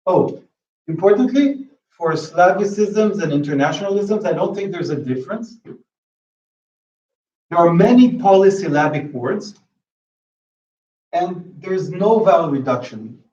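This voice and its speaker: Halting lecturer man, roomy distant sound. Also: high voice, animated, darkish tone. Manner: halting, restarts, checks with "okay?". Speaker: linguistics lecturer. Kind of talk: academic talk with questions. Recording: roomy lo-fi hall recording from afar.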